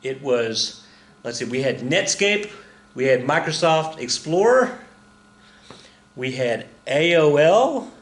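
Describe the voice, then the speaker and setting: A man's voice: on the high side, fairly bright tone, reverberant. A man teaching a history lesson for his students in a casual lecture, chatty and joking, with lots of fillers. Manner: chatty, jokey asides, frequent fillers. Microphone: recorded at a computer for students.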